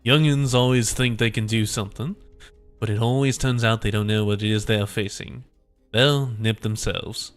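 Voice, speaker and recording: A man's voice: fairly low pitch, fairly even intonation, moderate pace, faint music behind, close to an everyday voice. A man voicing a stoic elderly woman who represents factory workers, speaking plainly and steadily. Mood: steady.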